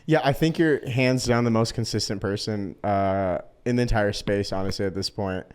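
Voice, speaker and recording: A man's voice: lowish voice, normal speed, smooth. A man hosting a podcast, chatting casually with a laid-back manner. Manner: relaxed, uses fillers, laid-back. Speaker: podcast host. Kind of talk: casual chat.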